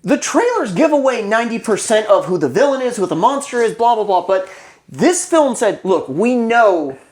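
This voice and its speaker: A woman co-hosting a casual movie review chat, talking in an animated, chatty way. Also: a little high, a little fast.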